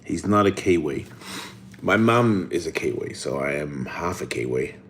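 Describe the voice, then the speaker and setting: A man's voice: rumbling low, expressive, moderate pace, slight background noise. A middle-aged man hosting a casual live stream, reading the chat and answering in a blunt, rambling way with free swearing.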